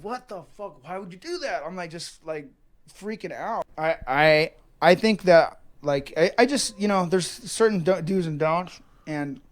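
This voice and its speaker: A man in his thirties from Northern California gives a documentary interview in a fairly high voice. He rambles and swears, restarting sentences and circling back on his own words as he works through his thoughts. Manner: rambling, profane, many restarts and repeats. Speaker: professional fighter.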